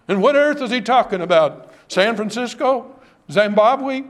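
A man with a notably high voice preaches to his congregation with dramatic passion. He leans hard on key words, then falls to a low, solemn hush. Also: lively intonation, unhurried. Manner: impassioned, dramatic preaching that drops to hushed tones. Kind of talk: sermon.

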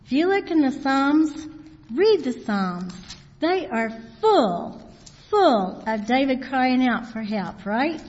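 A woman giving an informal sermon, reading scripture slowly and then talking it through plainly. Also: on the high side, a little mellow. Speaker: Bible teacher. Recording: dull sound in a hall with long reverb.

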